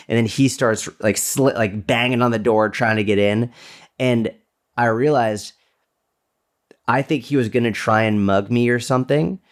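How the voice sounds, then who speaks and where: A man co-hosting a podcast, telling a story in casual chat with lively, animated delivery. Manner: animated storyteller, jumps to a high bright voice when quoting greetings. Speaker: podcast co-host. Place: New York City resident at the time.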